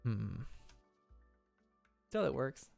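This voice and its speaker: A man's voice: mid-range voice, very animated, drawn-out words, creaky, darkish tone, no echo, soft background music. A man casually breaking down animation on a stream, enthusiastic with playful exclamations.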